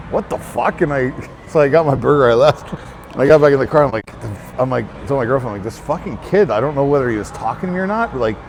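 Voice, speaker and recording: A man with a gravelly, fry-heavy voice at an ordinary middle pitch tells a rambling story to his viewers. He swears freely and leans on filler words as he goes. Faint traffic noise sits in the background. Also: darkish tone. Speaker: fitness trainer and channel host. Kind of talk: casual storytelling to camera.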